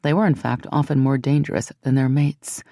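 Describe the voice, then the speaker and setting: An audiobook narrator telling a fantasy romance in an even, measured way. The voice is gravelly and mellow, recorded close and dry. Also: mid-range voice, no room sound. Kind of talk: scripted narration.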